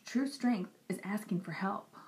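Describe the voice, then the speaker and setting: A young woman talking earnestly and directly to camera in a personal vlog. She repeats herself for emphasis and sometimes drops into soft, whispery asides. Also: mid-range voice, unhurried. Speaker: Christian vlogger. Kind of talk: personal encouraging talk to camera.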